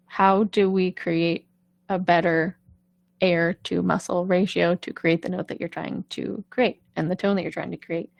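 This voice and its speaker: Gravelly-voiced woman vocal coach, chatty. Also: on the low side, dry recording. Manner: chatty, reassuring, keeps asking "right?". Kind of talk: casual live-stream coaching talk.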